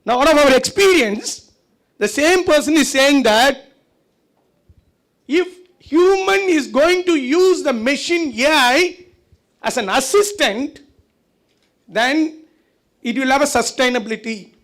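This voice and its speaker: A man's voice: extremely high pitch, expressive, takes it slowly, long pauses, a bit bright. A man giving a conversational lecture at a conference, often asking the audience rhetorical questions. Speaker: conference speaker. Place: conference hall.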